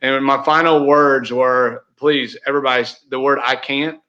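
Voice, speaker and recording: A man's voice: mid-range voice, fairly even intonation, moderate pace, pushed and bright. A man, a guest in a casual interview, talking in a heartfelt, rambling way with many fillers and restarts. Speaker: real estate team leader, guest. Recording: dull lo-fi audio.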